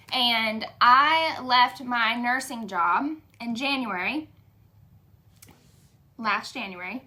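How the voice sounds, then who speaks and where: A woman's voice: high voice, sharp tone. A young woman giving a candid, emotional motivational testimonial, chatty and saying y'all. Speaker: direct sales leader.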